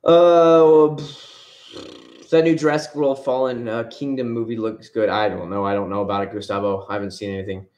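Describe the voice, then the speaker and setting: A man's voice: fairly low pitch, steady tone, moderate pace, darkish tone, muffled recording. A man hosting a casual livestream from home, rambling and answering viewers' comments by name. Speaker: livestream host. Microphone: headset.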